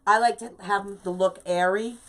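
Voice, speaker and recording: A woman's voice: medium pitch, steady tone, normal speed. A middle-aged woman hosting a live craft video, chatting casually while she works and greeting viewers by name. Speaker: craft livestream host.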